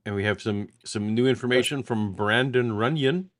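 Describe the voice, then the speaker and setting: A man's voice: medium pitch, normal speed. A man from Canada co-hosting a podcast, chatting casually in a laid-back way and joking and laughing often. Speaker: podcast co-host. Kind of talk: casual chat.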